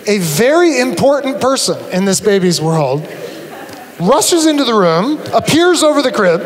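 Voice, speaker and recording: A man giving a live conference talk to an audience, animated and humorous, acting out his examples as he explains. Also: high-pitched, normal speed. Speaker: conference speaker. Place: large auditorium. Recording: long reverb of a large hall.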